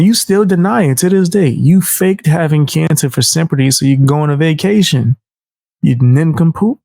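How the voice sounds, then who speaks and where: A man's voice: fairly high pitch, expressive, moderate pace, gravelly, darkish tone, no echo. A man hosting a reaction commentary, mocking and incredulous, full of slang. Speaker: commentary host.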